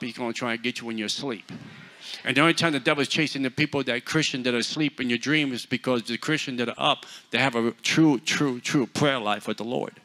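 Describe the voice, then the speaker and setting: A man preaching a sermon, telling stories in a lively, joking, conversational way. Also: medium pitch. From New York. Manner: animated, humorous, conversational preaching. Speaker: guest preacher. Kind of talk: storytelling sermon.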